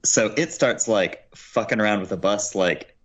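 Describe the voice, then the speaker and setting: Low-voiced man podcaster, muffled mic. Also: moderate pace, a crowd in the background. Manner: loose, storytelling, fillers like "like" and "you know". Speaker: podcast co-host. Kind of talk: casual chat recapping a cartoon episode.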